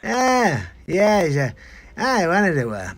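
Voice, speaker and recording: A man doing an impression of a deadpan male comedian who drawls halting congratulations full of hesitations. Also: high voice, pitched above the performer's own voice, heavily acted. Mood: wry congratulations.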